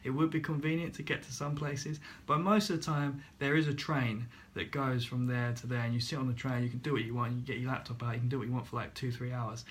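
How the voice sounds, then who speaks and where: A young man casually telling a story to his vlog, animated, laughing at himself and acting out the voices of others. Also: medium pitch, fast talker, few pauses. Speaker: vlogger.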